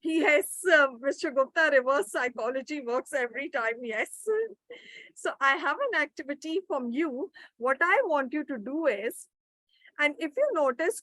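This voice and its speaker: A woman's voice: high voice, measured pace, bright, forceful tone, no room sound, poor audio. A woman teaching an interactive online grammar session. She reads out participants' answers and praises them. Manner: encouraging, reads out participants' replies. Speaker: webinar trainer.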